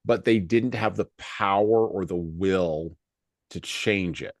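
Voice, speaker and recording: A man hosting a podcast speaks in a fairly low voice, with a close, dry sound and no room in it. He is animated in discussion and often slips into quick acted-out voices to make his point. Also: dry recording. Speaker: podcast host.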